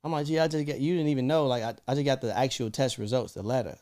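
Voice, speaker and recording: A young man, co-hosting a podcast and telling a story in casual, swearing chat, acting out voices with big jumps in pitch. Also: fast. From Chicago. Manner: animated, swearing, acts out quoted lines with big jumps in pitch. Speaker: podcast co-host.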